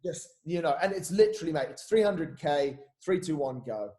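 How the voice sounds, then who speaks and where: Bloke on a podcast, lively storytelling, swears a lot, voice sits a little high. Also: male voice, moderate pace. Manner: animated, swears freely, says "mate" a lot. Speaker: podcast guest, coach. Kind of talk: casual storytelling chat.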